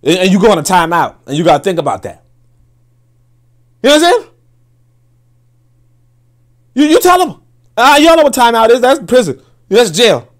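A man's voice: high-pitched, sing-song, fast. A man giving casual commentary, emphatic and profane, who often repeats words as he gathers his thoughts. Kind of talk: casual commentary with read-aloud quotes.

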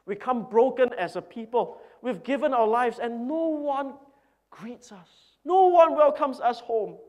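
A man's voice: extremely high pitch, measured pace, darkish tone, pitched above the performer's own voice. A man acting out an elderly missionary man who indignantly complains that his service went unrewarded. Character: old male missionary, bitter and upset. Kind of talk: sermon illustration.

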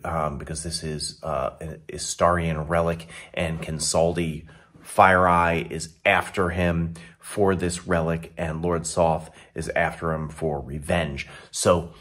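A man with a deep, low voice talks through his tabletop game session as its dungeon master. He rambles and restarts often while mixing a recap with tips for other game masters. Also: fairly bright tone.

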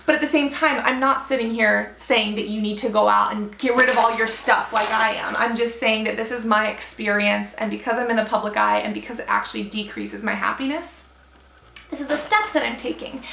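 A woman's voice: fairly high pitch, fairly even intonation, brisk, gravelly, pushed and bright, echoey room, a little hiss or hum. A young woman vlogger talking earnestly and encouragingly to her viewers, reflecting on letting go of things. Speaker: beauty vlogger. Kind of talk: heartfelt talk to camera.

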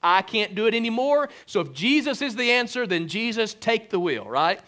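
A man's voice: high voice, normal speed. A man preaching a humorous sermon as pastor, joking with the congregation and using lots of "like" and "right?". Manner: joking, animated, fillers like "like" and "right?". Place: church sanctuary.

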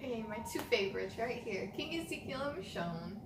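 A woman's voice: on the high side, brisk. A woman hosting a casual reaction vlog, gushing and squealing at what she watches. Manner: excitable, gushing, squeals and laughs at the screen. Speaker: reaction video host. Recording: roomy echo with show audio behind. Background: TV show audio and music.

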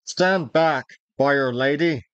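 A man's voice: mid-range voice, unhurried, dry recording, muffled recording, lightly acted. A man reading aloud, voicing a proud, hot-tempered young male outlaw archer in old-fashioned speech. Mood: fierce. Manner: archaic, old-fashioned speech, forceful outbursts.

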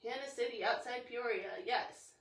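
A woman, teaching a livestreamed singing warm-up from home in a chatty, encouraging way that sometimes drops to breathy whispers. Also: a little high, moderate pace, echoey room, far from the mic. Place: home, over a slow internet livestream.

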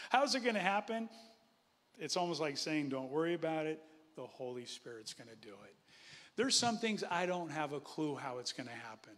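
A male pastor preaching in an animated, conversational way, with frequent chuckles. His voice sits fairly high for a man, and a long hall reverb trails each phrase. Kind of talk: sermon. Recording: echoey hall.

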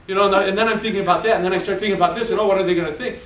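A man's voice: sits high, steady tone, racing, a bit bright, a little hiss or hum. A man giving a live motivational speech, telling stories animatedly with self-mocking humor. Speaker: motivational speaker. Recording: echoey hall, distant mic.

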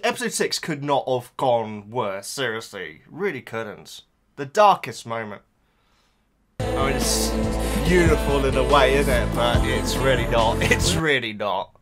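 A man's voice: mid-range voice, a bit bright. A man hosting a reaction channel, talking in a casual, emotional and rambling way with lots of restarts.

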